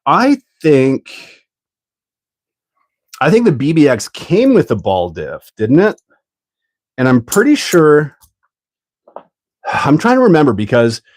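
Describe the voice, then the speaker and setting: A chatty man hosting a hobby livestream, with a middle-pitched, ordinary speaking voice. He rambles, thinks out loud and laughs easily. The sound is dry and close to the mic, with no room echo. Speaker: livestream host building an RC kit. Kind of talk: casual livestream chat.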